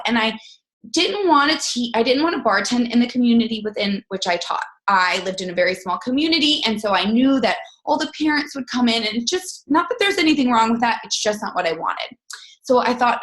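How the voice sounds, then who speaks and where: A woman's voice: fairly high pitch, brisk, fairly bright tone. A woman in her thirties telling a personal story as a guest speaker, acting out her own dialogue. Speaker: guest speaker on a team call. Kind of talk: storytelling talk on a conference call.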